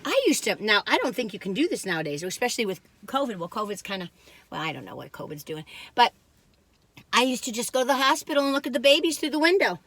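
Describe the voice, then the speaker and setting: Older woman vlogger, bright, rambling storyteller. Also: on the high side, big pitch swings, fast talker, no room sound. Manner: chatty and rambling, acts out quoted voices. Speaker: food reviewer vlogger. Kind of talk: casual storytelling chat to camera.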